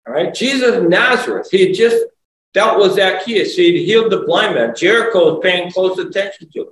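A man's voice: high-pitched, expressive, fairly quick, fairly bright tone, a little hiss or hum. A man preaching a conversational sermon, asking rhetorical questions and rising to emphatic exclamations. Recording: echoey room, voice from far off, faint ambience.

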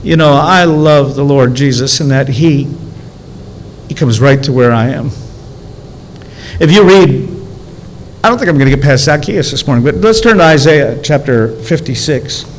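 A man's voice: mid-range voice, expressive, normal speed, pauses often, slight background noise, rough recording. A man preaching a conversational sermon as a pastor, asking rhetorical questions and drawing out key words.

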